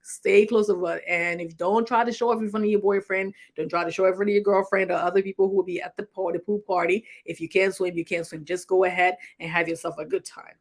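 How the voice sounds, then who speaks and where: A woman's voice: fairly low pitch, steady tone, fast, hardly any pauses. A middle-aged woman from Liberia, a clinician, giving casual safety tips to an online audience in a rambling, conversational way with many restarts and chuckles. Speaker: health talk host, clinician.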